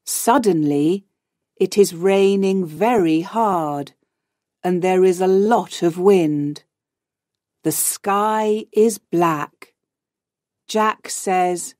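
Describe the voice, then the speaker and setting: Woman narrator for learners, clear and unhurried, dry close sound. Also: lowish voice, darkish tone, no echo. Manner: slow, clear, simple reading. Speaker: audiobook narrator. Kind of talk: graded reader narration for learners.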